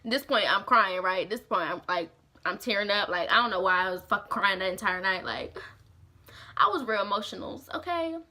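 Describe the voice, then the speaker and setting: Bright-voiced young woman telling a story. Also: mid-range voice, fast talker. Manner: animated, slangy and profane, heavy use of "like". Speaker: vlogger. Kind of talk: casual storytime vlog.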